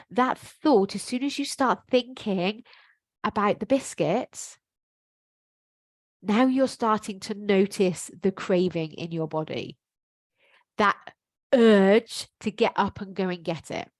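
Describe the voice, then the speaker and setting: A woman's voice: medium pitch, slow pace, dry recording. A middle-aged woman, a life coach, giving a frank, emphatic motivational talk to camera with some casual swearing.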